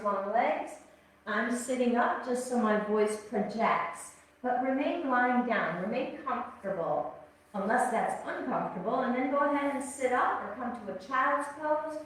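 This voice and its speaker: A woman teaching a yoga class, giving calm, gently paced cues and counting breaths. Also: on the high side. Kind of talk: guided yoga instruction. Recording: echoey room, voice from a distance.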